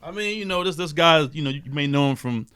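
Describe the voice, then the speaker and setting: A man's voice: on the high side, lively intonation, fast, bright, forceful tone, smooth, dry recording. A man co-hosting a casual podcast chat, laid-back and laughing often. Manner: laid-back, laughs often, says "you know what I'm saying". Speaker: podcast co-host.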